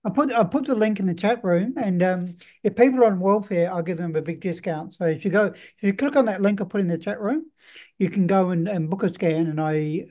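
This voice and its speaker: A man's voice: sits high, fairly quick, mellow. A man hosting an online webinar, speaking casually and rambling through his thanks. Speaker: host.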